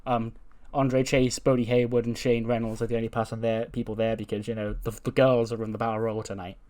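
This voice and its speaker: A man at an ordinary mid pitch narrates a playthrough in loose, conversational commentary. He rambles a little and keeps dropping "you know" asides as he recaps events. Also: flat delivery, brisk, darkish tone. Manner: retells scenes by voicing quoted lines in his own voice; chatty, lots of "you know". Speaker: game commentator.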